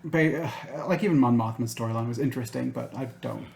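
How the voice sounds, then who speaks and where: A man's voice: medium pitch, fast, creaky, darkish tone, slight background noise. A man co-hosting a casual chat, speaking bluntly and dismissively with frequent swearing. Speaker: podcast co-host.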